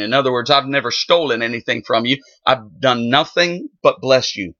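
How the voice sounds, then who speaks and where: A man teaching through the Bible verse by verse with an animated, folksy retelling. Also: medium pitch, normal speed, hardly any pauses. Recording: dull lo-fi sound.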